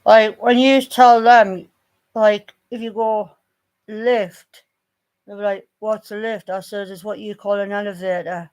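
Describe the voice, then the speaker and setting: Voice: medium pitch, level tone, clear, resonant tone. A vlogger, chatting casually in a blunt, teasing way. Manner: blunt, teasing, quick to jab. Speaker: family channel vlogger. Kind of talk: casual chat.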